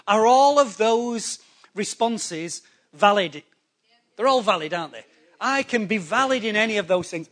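A man preaching a sermon to a congregation, animated and conversational, acting out people's excuses in quick quoted voices. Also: high-pitched. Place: church hall before a congregation.

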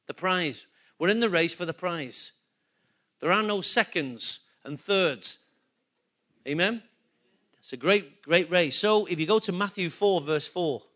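A man's voice: high-pitched, expressive, unhurried, pauses often, a bit bright. A male pastor preaching a sermon, emphatic and full of rhetorical questions to his congregation.

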